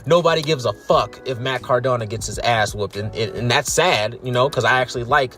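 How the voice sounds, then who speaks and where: A man casually recapping a wrestling show for his stream viewers. He talks bluntly and swears freely, checking in with "all right?" as he goes. His voice sits at a medium pitch, and faint music plays underneath. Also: a little fast, fairly bright tone. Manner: blunt, profane, frequent "all right?" tags.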